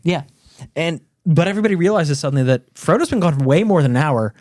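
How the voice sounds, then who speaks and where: Man retelling a story with animated swearing. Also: on the high side, fast talker, no echo, studio quality. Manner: animated storyteller, swears freely, acts out characters. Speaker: podcast host retelling a book. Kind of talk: casual chat.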